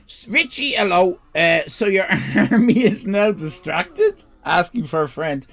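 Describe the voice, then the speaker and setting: An Irish man hosting a live stream, chatting casually with viewers, swearing and joking in animated rants. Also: high-pitched, a little slow, gravelly, faint music behind. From Ireland. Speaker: livestream host.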